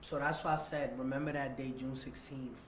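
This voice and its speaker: A man telling a long personal story in an interview. He repeats phrases, acts out remembered dialogue and drops to a low, quiet voice for the tense parts. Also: steady tone, brisk, slight background noise. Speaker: interview guest. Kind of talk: casual storytelling. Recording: roomy echo.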